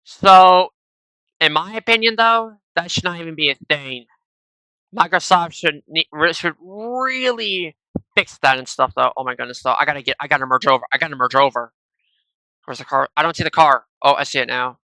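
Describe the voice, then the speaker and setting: This gaming video creator chats to viewers in rambling asides while playing, speaking into a gaming headset at his home PC and tacking "though" and "and stuff" onto nearly everything. His slightly high voice is bright, forceful, clear and resonant, at normal speed. The recording is dry and rough.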